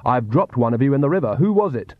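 A man's voice: medium pitch, sing-song, quick pace, dry recording, phone-quality sound. A man voicing a young witch woman, nervous but defiant. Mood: wary.

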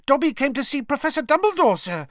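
Small male house elf, squeaky, shrill, eager servant, lively swooping pitch, audiobook. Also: quick pace, no room sound, studio quality, full character voice. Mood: excited. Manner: squealing, shrill and excited, calls everyone sir. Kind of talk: audiobook character voice.

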